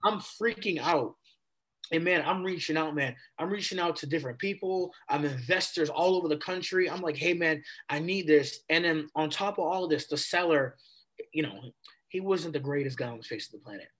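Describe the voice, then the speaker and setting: Animated young man telling a story. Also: fairly high pitch, moderate pace. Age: 20s. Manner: animated, replays conversations with casual slang. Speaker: podcast guest. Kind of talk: casual storytelling.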